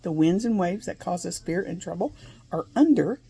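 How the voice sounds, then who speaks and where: A woman's voice: lowish voice, animated, normal speed, vocal fry, dark tone, husky. A woman giving an earnest, conversational Bible lesson, asking her listeners questions and laughing between points. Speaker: Bible teacher.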